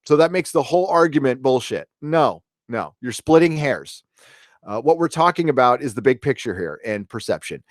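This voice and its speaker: Middle-aged American man, livestream host; casual, profane ranter, mid-pitched, dry close sound. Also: expressive, moderate pace, no echo. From United States. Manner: ranting, casual, profane, many fillers and restarts. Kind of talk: livestream commentary and reading viewer chat.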